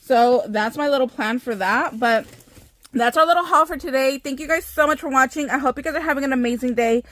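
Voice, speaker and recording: A woman's voice: high voice, a little fast, fairly bright tone, no echo. A young American woman chatting casually to her viewers as a craft vlogger, gushing and bubbly. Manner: bubbly, gushing, talks to viewers as you guys. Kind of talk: casual haul chat.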